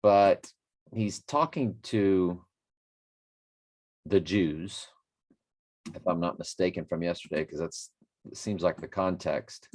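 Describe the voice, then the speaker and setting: A man's voice: deep voice, slow, long pauses, a little mellow. A man hosting a daily Bible study, reading scripture aloud and musing on it in a rambling, self-correcting way. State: a bit winded after a workout. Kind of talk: casual Bible reading and commentary.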